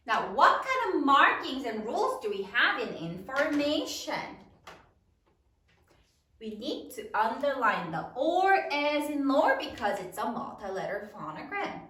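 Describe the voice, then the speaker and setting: Slow sing-song woman teacher. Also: sits high, sing-song, fairly bright tone, echoey room, distant mic. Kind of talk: spelling lesson to children.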